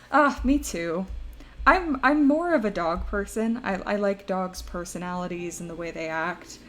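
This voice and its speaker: A woman's voice: medium pitch, expressive, a little slow. A young woman streaming live, chatting casually and rambling through stories, often breaking into laughter. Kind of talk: casual chat to a live audience.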